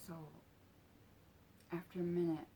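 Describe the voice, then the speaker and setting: A woman telling a personal story in a halting, soft-spoken way, with casual swearing. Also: lowish voice, level tone.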